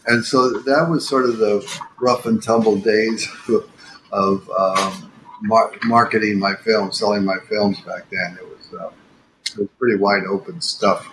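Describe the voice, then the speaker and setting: An older man tells a story in a low, unhurried voice, full of ums and restarts. A steady noise sits under the recording. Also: low-quality recording. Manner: rambling, many fillers and restarts. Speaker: podcast guest, animator. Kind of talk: casual storytelling.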